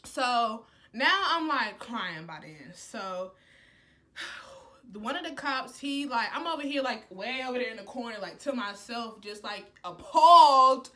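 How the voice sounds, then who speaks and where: A young woman telling a heated storytime to camera, animated and full of "like" fillers. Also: a little high, a little slow. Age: young adult. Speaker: college student vlogger. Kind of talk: casual storytime.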